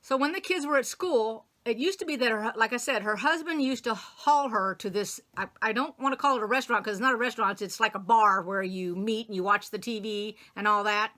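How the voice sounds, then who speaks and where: A woman's voice: on the high side, fairly quick, hardly any pauses, bright, forceful tone. A woman casually retelling a story she read, rambling, acting out the characters' lines and often laughing or admitting she forgot details. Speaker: quilting channel host.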